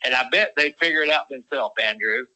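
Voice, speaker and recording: A man's voice: mid-range voice, fairly quick, bright, forceful tone, poor audio. A man giving a folksy webinar talk as a guest farmer. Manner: folksy, uses y'all.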